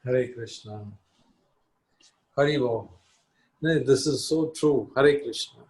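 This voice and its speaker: A man calmly wrapping up a devotional class, gently explaining reciprocity in faith. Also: medium pitch, slow, poor audio. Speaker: class teacher. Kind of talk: devotional teaching.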